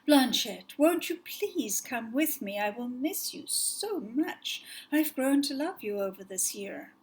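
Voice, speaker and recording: A woman playing an eager, earnest young prince in a told-by-heart fairy tale, pitched a little high and pleading in his words. The delivery is clear and emphatic. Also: lively intonation, slow pace.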